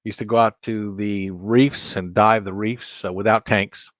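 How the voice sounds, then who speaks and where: A man's voice: fairly low pitch, fairly even intonation, a little slow, no echo. A man chatting casually with viewers while hosting a live stream, rambling and restarting his sentences. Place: home studio at a computer.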